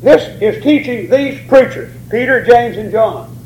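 A man's voice: extremely high pitch, measured pace, darkish tone, reverberant, muffled recording. A man preaching a sermon, drawing out key words and rising on them for emphasis.

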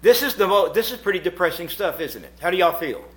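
A middle-aged man preaching a sermon at a church meeting. He swings from hushed asides to shouted points. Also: high voice, animated, fast. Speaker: pastor.

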